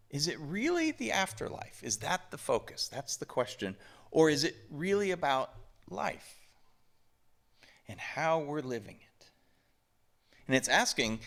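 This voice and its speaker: A man's voice: mid-range voice, fairly bright tone. A man from the southern United States preaching a conversational sermon to his church, full of emphatic rhetorical questions. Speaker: pastor. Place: church sanctuary.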